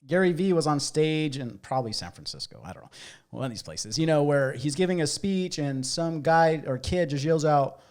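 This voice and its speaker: A man's voice: a little high, normal speed. A man co-hosting a podcast, chatting casually, swearing freely and acting out quotes as he tells stories. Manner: profane, animated storytelling with acted-out quotes. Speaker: podcast co-host. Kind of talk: casual chat.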